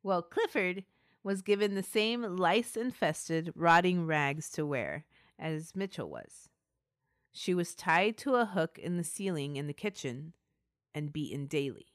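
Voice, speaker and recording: Casting: woman podcast host, low and dry, chatty storyteller. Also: animated, unhurried, dry recording. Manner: chatty narration with asides and laughter. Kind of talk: casual true-crime storytelling.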